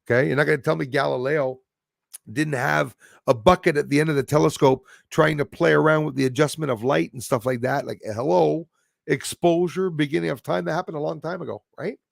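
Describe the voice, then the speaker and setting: A man's voice: a little high, fairly quick, creaky, dry recording, studio quality. A man hosting a casual live stream chat, rambling and hesitant with many fillers and restarts.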